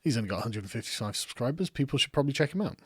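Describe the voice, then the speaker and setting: Racing through viewer comments on a casual livestream, a young adult English political commentary streamer from England rambles, laughs a lot, swears without restraint and pokes fun at himself. He has an English accent and a mid-range voice with lively intonation and a breathy edge. It's a dry, studio-quality recording.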